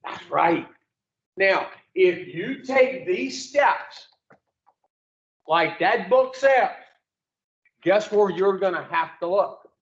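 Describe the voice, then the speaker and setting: A man's voice: high-pitched, animated, extremely slow, pauses often, highs cut off. A man speaking to an addiction recovery group in a blunt, profane, plain-spoken way, firing rhetorical questions at the room. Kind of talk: blunt motivational talk to a group.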